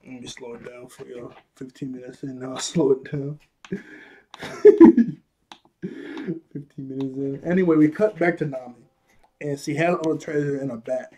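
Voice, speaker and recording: A man's voice: mid-range voice, unhurried, long pauses, warm tone, slight background noise. A man casually recapping an anime episode, chuckling often and a bit out of breath, with a loose, apologetic way of talking. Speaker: anime reviewer.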